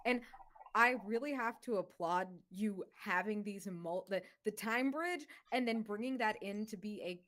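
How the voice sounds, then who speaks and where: A woman player in a tabletop game, gushing and rambling fast with many fillers in a casual post-game chat. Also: mid-range voice, a bit bright.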